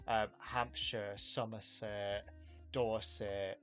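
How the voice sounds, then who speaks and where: A man's voice: lowish voice, little pitch movement, extremely slow, a bit bright, faint music behind. A man from England, hosting a casual chat and rambling with lots of fillers. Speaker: podcast host.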